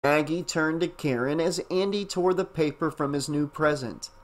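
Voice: mid-range voice, normal speed. An audiobook narrator reading a fan novel aloud, who then chats enthusiastically as the channel's host. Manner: enthusiastic, chatty, with fillers in the wrap-up.

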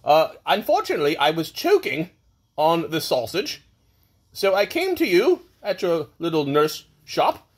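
In a comic birthday video, a man puts on an exaggerated voice as a pompous, mustached British lord. His pitch swings hugely and he speaks a little slowly. The delivery is hammy, lurching between shrill and low.

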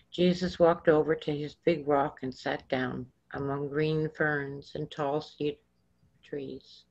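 A woman reads her own story aloud in a measured storybook manner. Her voice sits low and she takes it very slowly. The recording sounds dull and lo-fi. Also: vocal fry. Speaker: author reading her vision. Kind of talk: storybook reading.

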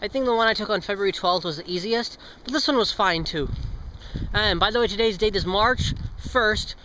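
A teen boy's high, bright voice comes through brisk and forceful as he walks and vlogs along a street with traffic passing. He rambles, tangles his words, jokes and swears without much thought. The audio is poor, with a little hiss or hum.

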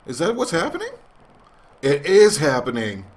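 A man's voice: a little high, huge pitch swings, normal speed, a little hiss or hum. A man commentating a wrestling video game as a let's play host, joking in a mock announcer way. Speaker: gaming channel host.

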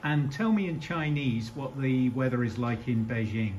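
A man's voice: mid-range voice, moderate pace, a little mellow, highs cut off, a little hiss or hum. A man asking a robot questions in a casual, friendly and direct way. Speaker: interviewer testing a robot.

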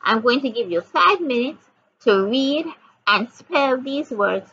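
A woman's voice: high voice, animated, slow, sharp tone. A woman with a Jamaican accent teaching reading, spelling out each word letter by letter and repeating words and questions as she goes. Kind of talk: slow spelling and reading lesson. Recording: dull lo-fi audio with faint background noise.

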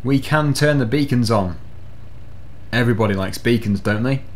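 A man's voice: medium pitch, normal speed. A man giving casual commentary over gameplay as host, explaining the controls step by step in a chatty way. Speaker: gaming video host.

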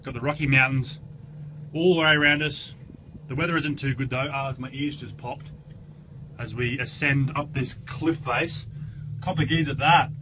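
A man's voice: mid-range voice, normal speed. Chatty man vlogging outdoors. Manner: chatty and excitable, with mild swearing. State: out of breath. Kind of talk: travel vlog narration. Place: outdoors on a mountain and in a gondola cabin. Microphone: handheld camera mic. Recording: noisy outdoor camera audio.

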